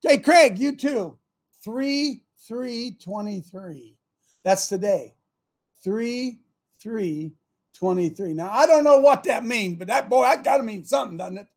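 A man hosts a talk show with a husky, rather high voice. He rambles and repeats himself. He swings from loud outbursts to hushed asides. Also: lively intonation, measured pace. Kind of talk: fiery talk show monologue.

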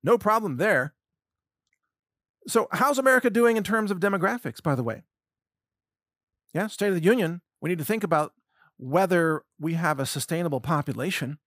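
High-voiced man in indignant monologue. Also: animated, fairly bright tone, no echo, studio quality. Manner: sarcastic, indignant, rapid-fire lists. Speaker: commentary host. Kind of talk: monologue commentary.

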